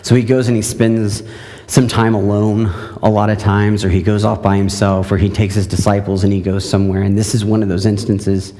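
A man, a pastor, giving a conversational sermon with a scripture reading, often pausing with fillers and restarts. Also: lowish voice, level tone, dark tone, in a large hall.

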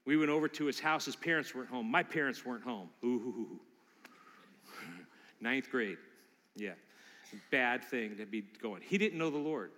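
A middle-aged man preaching as a pastor, telling personal stories in an animated way and acting out the voices in his anecdotes. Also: medium pitch, a little slow, long pauses. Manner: animated, acts out quotes in character voices. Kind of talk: sermon with personal storytelling. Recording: long reverb of a large hall.

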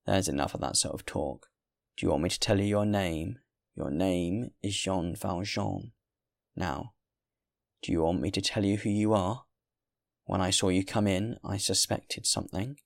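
A wary male innkeeper who refuses a guest in a measured but firm tone. A man plays him in a storybook reading, his voice deep and gravelly. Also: steady tone, no echo, clean studio sound. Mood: stern.

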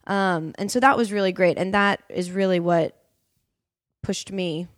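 A young woman, a podcast guest and actress, chatting and telling animated stories. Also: fairly low pitch, unhurried. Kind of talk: casual chat.

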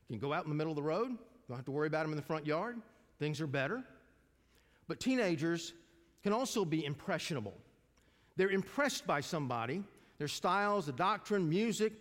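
A man's voice: on the high side, a bit bright. An older man preaching a sermon to a congregation in a folksy, conversational way, asking them questions as he goes. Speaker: pastor. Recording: long reverb of a large hall.

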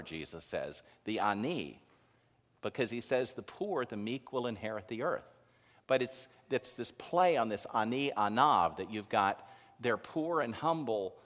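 Animated male preacher, echoing hall. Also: lowish voice. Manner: animated preaching, rising to loud emphasis. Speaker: pastor. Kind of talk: sermon. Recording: long reverb of a large hall.

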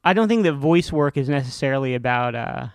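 A man who says his own voice sounds like a cartoon character, talking as a podcast guest in halting sentences full of restarts. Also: mid-range voice, lively intonation, creaky, clean tone, dry recording, clean studio sound. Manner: halting, self-interrupting, with frequent restarts. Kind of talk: casual interview chat.

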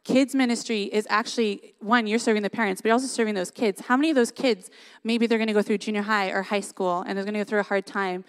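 A woman's voice: mid-range voice, steady tone, fast talker, clean tone. A young woman giving a sermon in an earnest, conversational way, often adding "like" and "right?". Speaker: worship leader giving a church talk.

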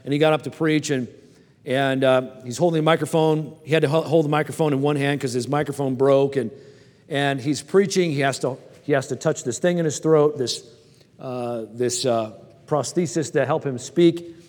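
A man's voice: on the high side, moderate pace, a little mellow. A man in his forties preaching a sermon and telling personal stories in a folksy way, often stammering and restarting, and asking the audience questions. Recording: long hall reverb.

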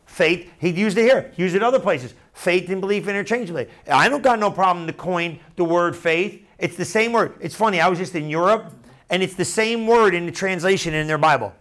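Another casual Bible lesson comes from a man with a high voice who talks fairly quickly. Speaking straight to his audience, he animatedly plays out scripture scenes using everyday slang.

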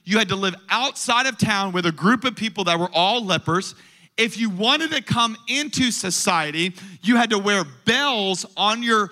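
Pastor, male, high bright voice, animated sermon delivery that rises to loud declarations and drops to low asides.

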